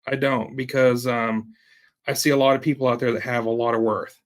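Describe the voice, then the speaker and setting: A man being interviewed as a guest, speaking haltingly and often pausing with fillers. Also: medium pitch, level tone. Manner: hesitant, many fillers and restarts. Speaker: guest entrepreneur. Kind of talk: conversational interview.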